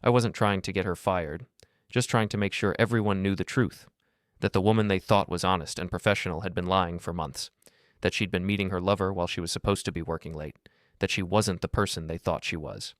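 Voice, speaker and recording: A middle-aged man narrating a first-person revenge story in a cold, measured, deliberate way. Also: sits low, steady tone, no echo, studio quality.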